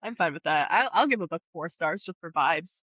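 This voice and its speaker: A woman co-hosting a book podcast in casual chat, giggling often and speeding up when excited. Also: fairly low pitch, brisk, no room sound. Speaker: podcast co-host. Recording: slightly dull lo-fi audio.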